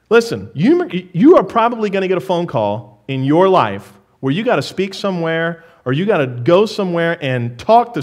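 A male pastor preaching a sermon to his congregation in church, talking to them earnestly and directly. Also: fairly high pitch.

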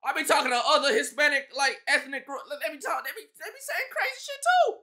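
A man's voice: very high-pitched, lively intonation, quick pace, pushed and bright. A man chatting casually on a stream, joking and teasing his friend in slang.

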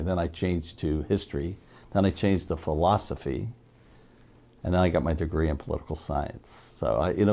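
Gravelly low-voiced older man telling stories. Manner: lively anecdotal storyteller, acts out quotes. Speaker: interviewee, former TV newsman. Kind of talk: storytelling in an oral-history interview.

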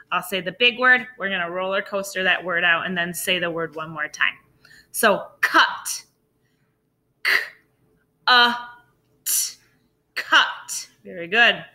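A woman teacher leading a phonics lesson for young children, sounding out words slowly and praising often. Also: medium pitch, bright, forceful tone. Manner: slow, drawn-out sounding out of words; encouraging, praising.

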